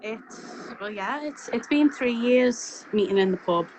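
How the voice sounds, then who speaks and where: A woman talks over a video call as an old friend of the host, a little shy but chatty. The connection is choppy, and a clear hiss of noise sits under her voice. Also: fairly high pitch, animated, unhurried. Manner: warm, slightly shy, chatty. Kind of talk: casual video call chat. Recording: noisy, choppy call line.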